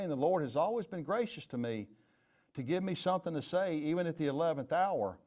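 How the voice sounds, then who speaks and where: A man's voice: on the high side, lively intonation, fast talker. A middle-aged man, a retired police chief giving a leadership training talk in an earnest, candid storytelling manner with plain folksy phrasing.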